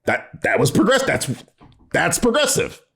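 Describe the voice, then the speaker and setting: A man's voice: a little high, huge pitch swings, a little slow, creaky, fairly bright tone, breathy edge. A man reacting to a video, sarcastic and exasperated, swearing often and laughing in disbelief. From United States. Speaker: commentary youtuber reacting to a video. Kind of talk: reaction commentary, casual and profane.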